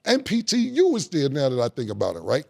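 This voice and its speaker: A middle-aged man, a guest in a podcast studio, telling stories in a casual, animated way with plenty of slang and profanity and acting out other people's lines. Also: medium pitch, fast talker, vocal fry. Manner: animated, acts out quoted dialogue, heavy slang and profanity. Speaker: guest rapper in a studio conversation. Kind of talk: casual storytelling.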